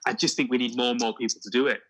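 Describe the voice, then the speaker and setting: A man in casual conversation, talking in an animated way with lots of "you know what I mean". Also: mid-range voice, racing, low-quality recording. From Hull, England. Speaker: discussion guest. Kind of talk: casual chat.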